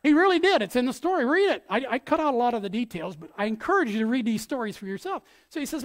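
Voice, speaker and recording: A woman pastor preaching a sermon in an animated way, acting out quotes with big swings in loudness. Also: on the high side, fast, hardly any pauses.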